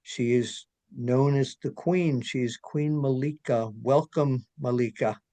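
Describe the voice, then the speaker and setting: A man hosting an interview, asking questions slowly and deliberately, with pauses and hesitations. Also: mid-range voice, warm tone. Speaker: interviewer host.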